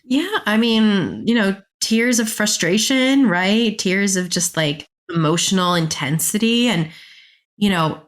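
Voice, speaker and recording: A woman's voice: mid-range voice, measured pace. A woman in her thirties, a dance therapist guest, explaining ideas in a reflective, casual way and acting out quoted thoughts. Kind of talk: casual podcast conversation.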